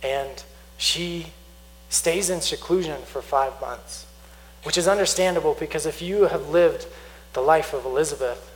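A man preaching a sermon, teaching earnestly, slowing down to stress key points and reading scripture aloud. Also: fairly high pitch, poor audio. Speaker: pastor.

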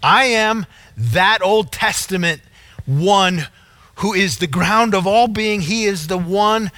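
A male pastor delivering a sermon in an earnest, emphatic way, stacking up repeated phrases. His voice is bright and a little higher than most men's, and he speaks at an unhurried pace. The sound is dry, with no room echo. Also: expressive. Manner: earnest preaching, emphatic repetition.

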